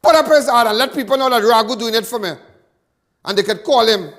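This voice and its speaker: A man's voice: very high voice, brisk, background noise. A Trinidadian man hosting a live crime talk show, delivering a fiery monologue full of repetitions and stammered restarts.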